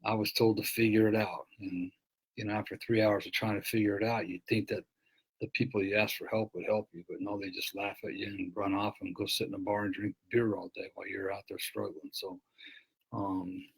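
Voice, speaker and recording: A man's voice: on the low side, level tone, a little fast, creaky, husky, rough recording. A man speaking as an author and recovery speaker in an earnest, reflective talk, often repeating and restarting his words.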